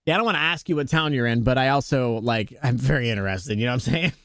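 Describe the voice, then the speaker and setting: This young adult man chats with viewers while streaming a game, easygoing and jokey, his voice leaping up in pitch on jokes. He speaks fast in a slightly bright voice, recorded cleanly in a studio with no room sound.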